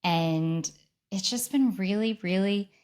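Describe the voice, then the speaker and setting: A woman in her thirties hosts a solo podcast episode and tells a personal story in a chatty, excited way. She acts out the voices of the people in her story. Her voice sits at a middle pitch for a woman. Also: slow. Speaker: podcast host.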